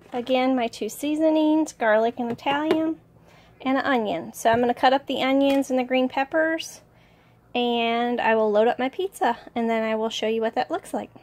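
A woman's voice: sits high, slight background noise. Chatty woman cooking at home. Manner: chatty, folksy, keeps saying "y'all". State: sniffling from allergies. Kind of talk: casual cooking demonstration. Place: home kitchen.

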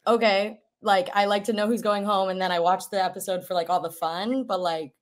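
A woman's voice: medium pitch, steady tone, a little fast. A woman guest on a casual podcast, chatty and filler-heavy, laughing easily.

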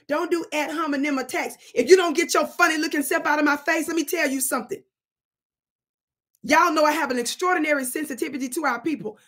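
A woman hosts her own channel in a commentary monologue, telling stories in an animated, preachy way and playing with words. Her voice is high-pitched.

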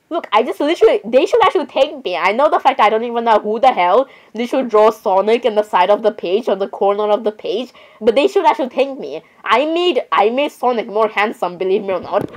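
A woman's voice: fairly high pitch, poor audio. Rambling apologetic teen girl gamer. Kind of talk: casual gameplay chat.

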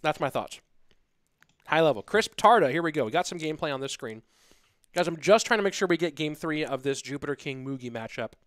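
A man hosting a live stream from home, chatting loosely with his viewers. His voice sits somewhat high and sounds dry and close. He rambles and jokes between tasks. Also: no room sound. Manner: rambling, joking, talks straight to viewers. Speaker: stream host and caster. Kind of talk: casual live-stream commentary.

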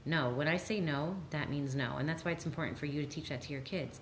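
A woman with a low, deep voice answers audience questions as a therapist, earnest and reassuring. She livens up when she acts out what people might say. A soft hum of the room sits faintly behind her. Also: quick pace. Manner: earnest, reassuring, lively when quoting others. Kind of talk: live Q&A talk.

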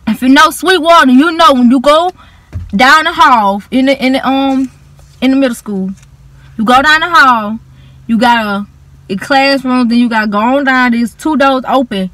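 Young woman doing a storytime vlog, kinda high voice, super dramatic and slangy. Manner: animated, dramatic retelling with laughs and slang. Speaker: vlogger. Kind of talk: casual storytime.

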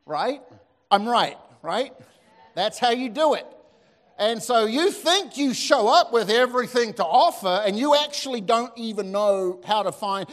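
Kiwi pastor guy preaching, pretty high voice, big reverby hall, tells stories and keeps asking the crowd. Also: unhurried. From New Zealand. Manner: animated storytelling with asides to the audience. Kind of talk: sermon. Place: church hall.

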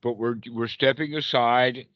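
A man's voice: mid-range voice, steady tone, a little slow, dry recording. A male meditation teacher talking over a video call, loose and playful, slipping into silly quoted voices to make his point. The sound is close and dead, with a dull, muffled call quality. He sits in the middle of the male range. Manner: playful, acts out little quoted voices and laughs. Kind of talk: casual teaching talk on a group call.

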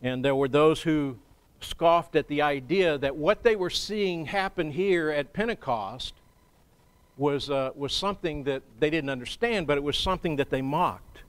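A man preaching a sermon as pastor in a church, in a measured, conversational way with frequent pauses. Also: fairly high pitch, smooth.

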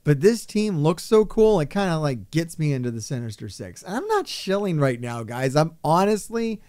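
Excitable high-voiced gaming commentator. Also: male voice, normal speed, dry recording, clean studio sound. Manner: excitable, exasperated rants. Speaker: gaming YouTuber. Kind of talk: casual commentary on game updates.

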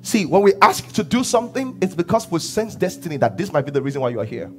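High-voiced Nigerian pastor preaching. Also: male voice, sing-song, fast, faint music behind. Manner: preaching with call-and-response questions and swings from hushed to shouting. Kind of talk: sermon.

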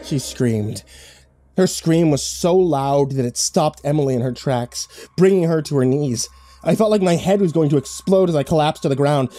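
A man's voice: a little high, mellow, no room sound. A man narrating a first-person horror story in a dramatic, scripted storytelling style.

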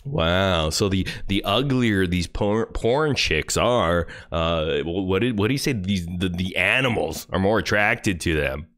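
A man's voice: deep voice, animated, a little slow, hardly any pauses, a bit bright. A man hosting a live stream, mocking a clip he is watching with profane, scornful reaction commentary. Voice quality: profane, scornful, rants at the screen.

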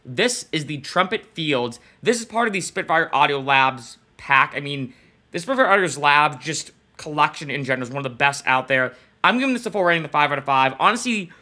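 A man's voice: a little high, bright, forceful tone. A man hosting a casual plugin review show, chatting informally with fillers as he demonstrates sounds. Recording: trumpet music behind voice.

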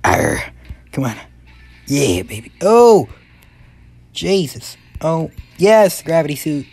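A young man giving excitable let's-play commentary, yelping and muttering to himself as he plays. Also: fairly high pitch, measured pace, gravelly, dry recording, soft background music. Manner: excitable, yelps and mutters to himself while playing. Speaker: gaming YouTuber.

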